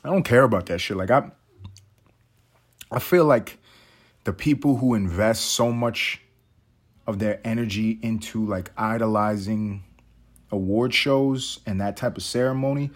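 A man's voice: lowish voice, measured pace, long pauses. A man hosting a podcast, talking in a rambling, profane, wry casual monologue. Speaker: podcast host. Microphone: podcast mic.

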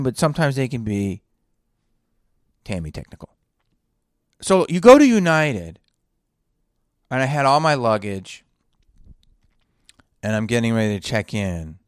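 A man's voice: mid-range voice, no room sound, studio quality. A man hosting a solo podcast from a hotel room, telling a rambling story with lots of swearing and sighing. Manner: profane, sighing, digressive. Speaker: podcast host.

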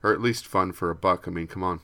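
A man's voice: deep voice, fast, bright, forceful tone. A man co-hosting a casual podcast, talking in an easygoing way with lots of filler words. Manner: easygoing, lots of ums, reads news aloud. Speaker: podcast co-host.

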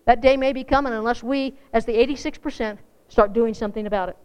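A woman's voice: fairly high pitch, fairly even intonation, quick pace, a little mellow, smooth. A woman preaching a folksy, earnest sermon to a congregation, rising to fervent emphasis. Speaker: church speaker.

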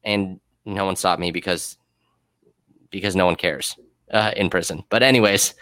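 A man's voice: sits low, steady tone, normal speed, fairly bright tone, no echo, clean studio sound. A man who worked as a prison guard, telling blunt, profane stories in a casual podcast chat that turn heated.

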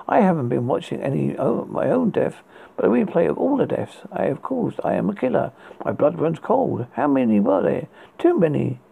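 A man hosting a horror podcast, reading his story in a halting way with restarts, on a tinny lo-fi recording. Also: a little high, very animated, gravelly, warm tone, slightly rough. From United Kingdom. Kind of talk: read horror story narration. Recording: tinny phone-like lo-fi sound.

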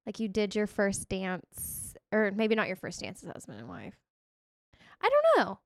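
A woman co-hosting a podcast, talking in a chatty, animated way full of "like". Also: medium pitch, normal speed, no room sound. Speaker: podcast co-host. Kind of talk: casual chat.

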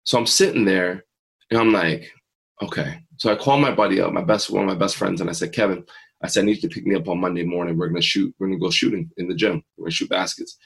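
A man's voice: deep voice, fast, gravelly, slightly rough, rough recording. A man in his forties, an interview guest and mindset coach, telling a personal story earnestly and acting out his own past thoughts.

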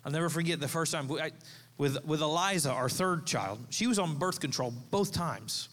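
A man's voice: fairly high pitch, moderate pace, fairly bright tone, big-room sound. A man in his thirties, a pastor, preaching a sermon in a conversational, storytelling way, with asides to the congregation. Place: church sanctuary.

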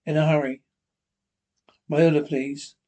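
A man's voice: on the high side, flat delivery, a little slow, mellow. A man reading the part of a nervous, secretive husband who keeps repeating himself anxiously. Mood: tense.

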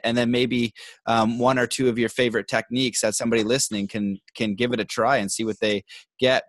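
A man's voice: medium pitch, rough recording. A man hosting a podcast, chatting casually and enthusiastically with his guest over a video call. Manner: friendly, enthusiastic, loose phrasing. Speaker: podcast host. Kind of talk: casual interview chat. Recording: dry remote call audio.

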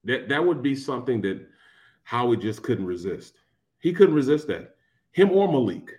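A man's voice: mid-range voice, sing-song, moderate pace, darkish tone. Laid-back sports radio co-host man. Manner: laid-back, peppers talk with "man" and "bro". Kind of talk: casual sports radio chat.

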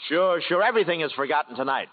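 A goofy, joking sidekick. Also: male voice, fairly high pitch, lively intonation, fast, narrow, tinny audio. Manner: joking, wisecracking. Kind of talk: 1940s radio comedy acting. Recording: thin old radio broadcast.

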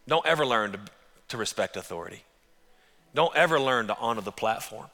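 A man preaching a sermon as pastor, telling stories in an animated, conversational way. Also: medium pitch, a little fast, gravelly, long reverb tail.

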